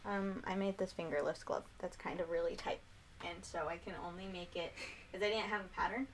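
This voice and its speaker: A young woman with a headache chatting quietly on a home livestream, dry and low-key as she shows her crafts. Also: steady tone, a little fast. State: has a headache. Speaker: streamer. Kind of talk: casual chat.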